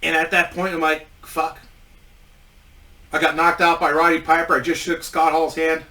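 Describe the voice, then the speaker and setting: A man's voice: a little high, monotone, a little fast, pushed and bright, far from the mic, rough recording. A man telling a casual story about his wrestling days, rambling with many restarts and frequent swearing.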